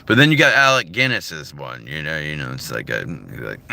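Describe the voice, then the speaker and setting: A man's voice: rumbling low, huge pitch swings, normal speed, vocal fry, hardly any pauses, sharp tone. A man chatting casually and ramblingly in a car, full of "you know" and "like". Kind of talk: casual talk about doing voices.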